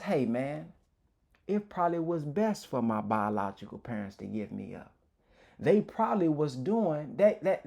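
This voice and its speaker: A man's voice: sits high, gravelly. A man giving an informal, emotional personal testimony as a motivational speaker, candid and reflective, often restarting his sentences.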